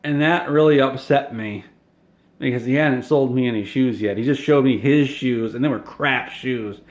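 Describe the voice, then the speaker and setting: A man telling an absurd comic story in a rambling, self-deprecating deadpan, on a dull lo-fi home recording. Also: medium pitch, moderate pace. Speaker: comedic storyteller.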